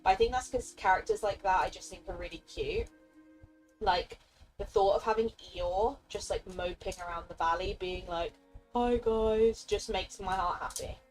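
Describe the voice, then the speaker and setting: A young woman chats casually on a live stream, sharing her opinions at an easy pace. She laughs often and briefly slips into playful voices for characters. Soft music plays quietly behind her. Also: on the low side, steady tone, moderate pace, rough recording. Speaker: game streamer.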